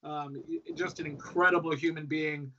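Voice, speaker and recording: Laid-back man with a slightly high voice. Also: moderate pace. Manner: relaxed, upbeat, lots of fillers. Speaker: whiskey brand ambassador, guest. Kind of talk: casual conversational storytelling. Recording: dull lo-fi audio with faint noise.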